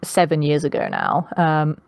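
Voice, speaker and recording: This guest voice actress, a young adult woman with a posh British accent, has a low, gravelly voice whose pitch swoops wildly, at a moderate pace on a dry recording. In the casual podcast interview she's chatty, full of ums, and quick to laugh.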